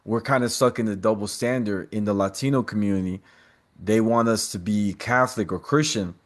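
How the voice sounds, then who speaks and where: A man with a somewhat low voice, a podcast guest speaking in casual conversation. He tells his stories with animation and street slang. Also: fairly quick.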